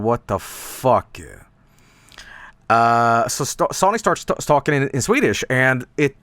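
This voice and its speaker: A man's voice: mid-range voice, fairly bright tone, no echo. A man chatting casually on a stream, rambling with lots of fillers and restarts and swearing now and then.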